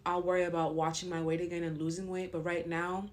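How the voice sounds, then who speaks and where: A woman's voice: fairly low pitch, flat delivery, quick pace. A pregnant young woman talking to camera in a casual vlog, frank and long-winded. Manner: blunt and frank. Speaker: vlogger.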